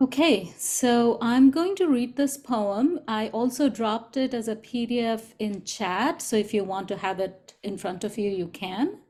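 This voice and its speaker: A woman reads a poem aloud over a video call, taking each line slowly and deliberately. Her voice sits a little high, and her manner stays gentle and unhurried throughout. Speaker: co-facilitator. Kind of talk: slow poetry reading.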